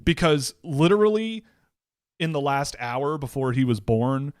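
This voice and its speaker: A man's voice: mid-range voice, lively intonation, unhurried, clear, resonant tone, no echo, studio quality. A young man co-hosting a casual hockey chat show, rambling through anecdotes and often cutting himself off mid-sentence. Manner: rambling, storytelling, self-interrupting. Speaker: podcast co-host.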